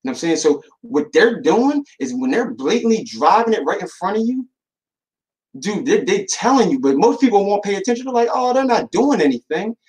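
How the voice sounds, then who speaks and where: A man hosting a podcast in a casual monologue, talking in street slang, animated, with lots of restarts and repeated words. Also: high voice, fairly quick, low-quality recording. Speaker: podcast host.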